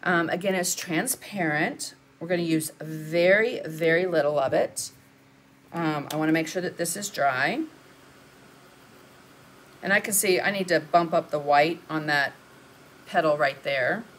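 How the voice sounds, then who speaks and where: A woman's voice: low-pitched, a little slow, slight background noise. An older woman, chatting through a live painting lesson and answering viewers as she works. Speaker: art instructor.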